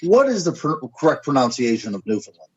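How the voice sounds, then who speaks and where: Radio guest, American man, husky, speculative and halting, dull lo-fi sound. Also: mid-range voice, big pitch swings, darkish tone, no echo. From United States. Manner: musing, speculative, searches for words. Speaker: guest author and paranormal researcher. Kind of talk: radio interview answers.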